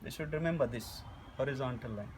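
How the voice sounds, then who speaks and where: A man's voice: medium pitch, a little mellow, a little hiss or hum. A man teaching a phonetics lecture, repeating his points and sounding out vowels one at a time. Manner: slow, repetitive, demonstrates vowel sounds aloud.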